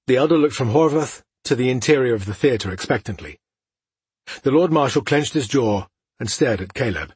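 Husky-voiced man narrating an audiobook. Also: medium pitch, expressive, normal speed, darkish tone, no room sound. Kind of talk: scripted fantasy narration.

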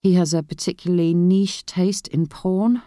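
A reader voicing a woman investigator, quiet and strained, in a storybook narration. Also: medium pitch, fairly even intonation, moderate pace, no echo, studio quality, close to an everyday voice. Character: woman investigator, shaken and weary.

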